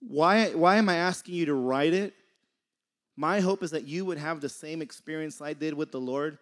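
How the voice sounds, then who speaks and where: A young preacher gives a casual, conversational sermon, laughing often and sometimes losing his train of thought. His pitch is fairly high and his speed normal.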